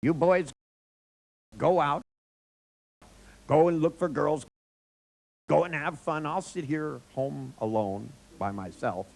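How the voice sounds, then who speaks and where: A man's voice: fairly high pitch, slow pace, creaky, long pauses, voice pushed up, exaggerated voice. A man putting on the voice of an old grandmother who is a self-pitying, guilt-tripping martyr.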